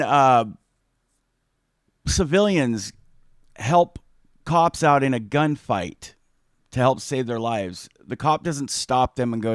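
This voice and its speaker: A man's voice: medium pitch, lively intonation, takes it slowly, long pauses, no room sound, clean studio sound. A man giving heated commentary on a video, emphatic and agitated, repeating his points.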